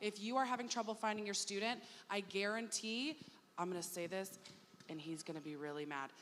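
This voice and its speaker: A woman's voice: medium pitch, fairly quick, fairly bright tone. A woman staff member hosting an orientation panel, motherly and reassuring in manner. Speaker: staff moderator. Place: performing arts hall. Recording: long hall reverb, faint ambience.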